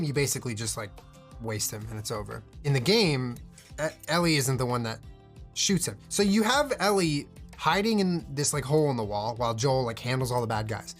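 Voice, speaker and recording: A young man talks through a show in a loose, casual reaction stream. His pitch sits mid-range and climbs when something excites him, and he swears freely between the fillers. Faint music plays underneath him.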